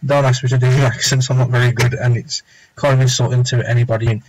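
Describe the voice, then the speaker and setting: A man's voice: medium pitch, little pitch movement, quick pace, dry recording, poor audio. A young man chatting casually and rambling as he draws live on stream, muttering to himself now and then. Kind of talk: casual chat while drawing.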